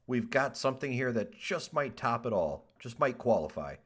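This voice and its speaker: This podcast host speaks in a mid-range voice at normal speed, reading offbeat news stories aloud. He keeps things casual and animated, swearing, ad-libbing jokes and laughing a lot.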